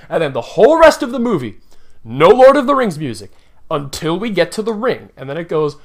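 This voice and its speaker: A man's voice: a little high, very animated, brisk. A man giving a casual, opinionated movie review, ranting with sarcasm as he picks apart scenes. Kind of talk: casual spoiler review rant.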